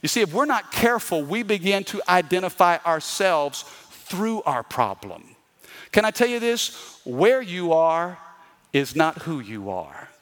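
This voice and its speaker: A man preaches a sermon with a fairly high voice, rising into emphatic bursts and dropping to slow, quiet lines. He calls out to the congregation for amens. His words ring out with a long reverb through a large hall. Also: sing-song. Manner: dynamic preaching, swinging between loud emphatic bursts and slow hushed lines. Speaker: pastor.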